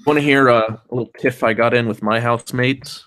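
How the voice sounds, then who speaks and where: A man's voice: mid-range voice, fairly even intonation, fairly quick, a bit bright. A young man streaming, chatting casually with his co-host and chat, rambling and swearing freely. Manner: rambling, swears often, hums fillers.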